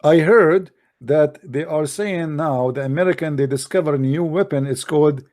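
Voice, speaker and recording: Man, sarcastic polemic monologue, broken grammar, slightly high voice. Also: normal speed, darkish tone. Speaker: religious debate commentator.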